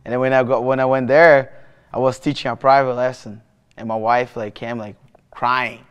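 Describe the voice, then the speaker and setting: A man in his thirties with a Brazilian Portuguese accent tells a personal story in an interview, halting and restarting, with many fillers. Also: mid-range voice, flat delivery, clear, resonant tone, muffled recording. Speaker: jiu-jitsu athlete.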